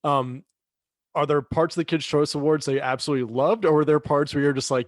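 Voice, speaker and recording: A man's voice: on the high side, steady tone, brisk, no room sound, studio quality. A man hosting a podcast, gushing with praise as he asks his questions. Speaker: podcast host. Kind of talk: casual interview.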